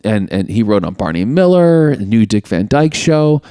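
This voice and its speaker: A man's voice: normal speed, clean tone, no echo. Man recapping a film, dry close sound. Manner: animated retelling, acting out quotes in high voices. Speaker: podcast co-host. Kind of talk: casual movie recap chat.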